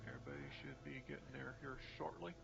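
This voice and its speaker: A man's voice: medium pitch, steady tone, fast, vocal fry, background noise. Rambling male game master, lo-fi sound. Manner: rambling, loose, many fillers and restarts. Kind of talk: running a tabletop game over voice chat. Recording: dull lo-fi sound with music behind.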